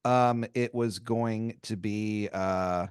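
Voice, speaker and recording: A man's voice: lowish voice, fairly even intonation, slow, clear, resonant tone, dry recording, clean studio sound. A man narrating an improvised comedy story as game master, rambling with lots of "like" and restarts. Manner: rambling, full of "like" and restarts, many acted quotes.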